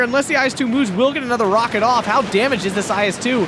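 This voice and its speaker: A man casting a strategy game tournament match, excitable, laughing often and shouting at big plays, a little hoarse from talking. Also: very high voice, fast talker, few pauses, noisy background. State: losing his voice. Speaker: tournament caster.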